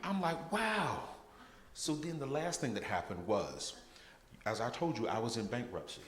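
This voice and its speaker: Male guest speaker, animated humorous testimony, somewhat low voice, echoey church hall. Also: normal speed, a little hiss or hum. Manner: animated, humorous storytelling with laughter. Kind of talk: testimony talk in a church service. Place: church sanctuary.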